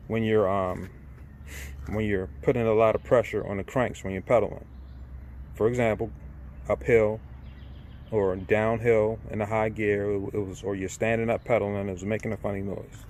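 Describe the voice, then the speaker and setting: A middle-aged male vlogger delivers a casual, irate rant, repeating himself, swearing, and frequently asking "right?". His voice sits on the low side and is a little mellow, with a faint hiss or hum in the recording.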